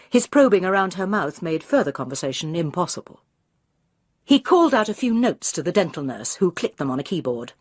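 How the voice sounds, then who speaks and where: Husky low-voiced woman reading a mystery. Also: darkish tone, no echo, studio quality. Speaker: audiobook reader. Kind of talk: scripted narration of a mystery novel.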